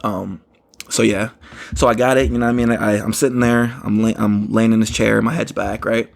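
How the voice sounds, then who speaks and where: A man's voice: on the low side, little pitch movement, moderate pace, creaky. A man hosting a podcast, telling a story in a rambling casual way and often saying "you know what I mean". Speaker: podcast host.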